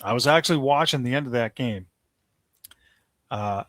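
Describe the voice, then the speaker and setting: A man's voice: medium pitch, normal speed, fairly bright tone, no echo. A man hosting a sports talk podcast, giving opinionated commentary in a casual, ranting way with lots of fillers.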